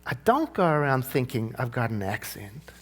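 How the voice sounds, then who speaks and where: A male minister giving a sermon, animated, with playful asides and gentle slowdowns. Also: mid-range voice.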